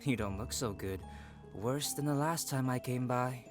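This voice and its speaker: A man's voice: mid-range voice, a little slow, over music, close to an everyday voice. A man voicing a rude, greedy schemer in a video game, with a sneering, mocking manner. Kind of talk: game voice acting.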